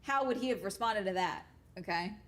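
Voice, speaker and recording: A young woman talks to her stream in casual chat. She is blunt and swears freely. She tells her stories in an animated way, stopping often to check in with her listeners. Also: mid-range voice, a little fast. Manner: blunt and profane, animated storytelling.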